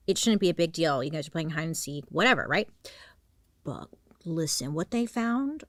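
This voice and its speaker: A woman's voice: low-pitched, expressive, normal speed, no room sound. A woman telling a true crime story in a casual, slangy way, often dropping into dramatic whispers.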